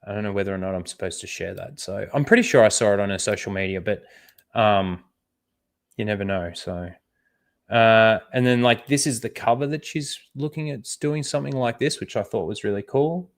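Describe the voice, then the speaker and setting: This man's voice is on the low side and fairly quick as he hosts his channel's livestream. Reacting casually to trailers, he wanders off on tangents, uses plenty of fillers and asides, and swears freely.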